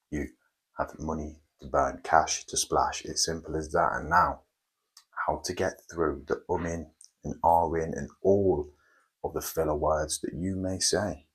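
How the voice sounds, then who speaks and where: A man hosting a motivational self-help video, speaking slowly and emphatically with dramatic pauses and tongue-in-cheek grandeur. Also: rumbling low, slightly rough, rough recording. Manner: slow, deliberate, emphatic delivery with dramatic pauses. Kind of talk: motivational monologue.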